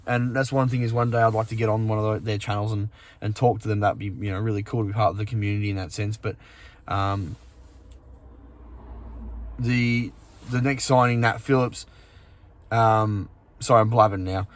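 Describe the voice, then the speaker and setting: A man's voice: medium pitch, no echo. A man hosting a fan channel, chatting casually and sleepily about football with many fillers and restarts. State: sleepy, yawning. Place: outdoors in morning sun.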